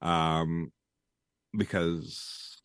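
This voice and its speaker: A man's voice: low voice, little pitch movement, extremely slow, fairly bright tone, clear, resonant tone, no room sound, studio quality. A middle-aged man from Canada co-hosting a movie podcast, talking in a laid-back, rambling way and swearing freely. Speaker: podcast co-host. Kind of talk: casual chat.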